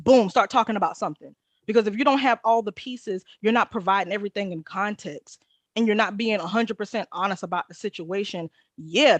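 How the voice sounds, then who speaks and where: A man's voice: sits high, dry recording. Blunt man in heated podcast debate. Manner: blunt, repeats "yo" and "keep it one hundred". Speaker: podcast co-host. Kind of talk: heated group discussion.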